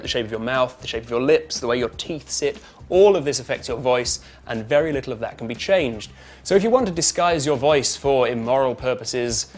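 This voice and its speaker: A British actor and voice coach explaining technique. He talks loudly and fast, with crisp consonants, a twangy tone and a lively rise and fall. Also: medium pitch. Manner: lively up-and-down intonation; fast talker. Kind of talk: instructional talk to camera.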